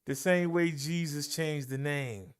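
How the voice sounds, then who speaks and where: A man's voice: a little high, smooth. A man leading a Bible study as a minister, preaching in an emphatic, folksy way and talking straight to his listeners. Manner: slow, emphatic delivery with long pauses and swooping emphasis.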